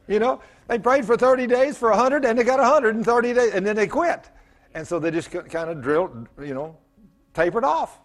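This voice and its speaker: A middle-aged man preaching a sermon as pastor, telling stories with self-mocking humor and rising to loud emphatic bursts. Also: very high voice, lively intonation, brisk.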